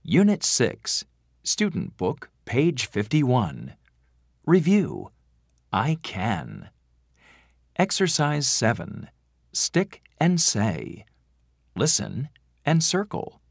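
A man reading out textbook track announcements in a slow, measured, deliberate way. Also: mid-range voice, huge pitch swings, vocal fry, no echo, studio quality. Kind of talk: scripted textbook audio announcements.

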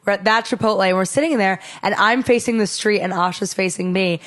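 A young woman co-hosting a podcast in casual chat, telling stories with animated energy and acting out what people said. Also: mid-range voice, quick pace. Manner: animated storytelling, acts out voices in quotes. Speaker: podcast co-host.

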